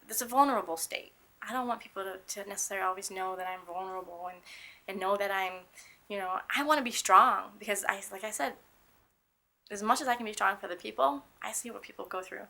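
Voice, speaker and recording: A woman's voice: mid-range voice, creaky, sharp tone. A young woman speaking candidly about living with a painful illness, earnest and emphatic, often restarting her sentences. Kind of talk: candid personal testimony.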